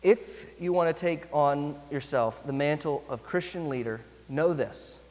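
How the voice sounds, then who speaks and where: A man preaching a sermon as pastor, earnest, slowing down to stress key phrases. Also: on the high side, darkish tone, in a large hall.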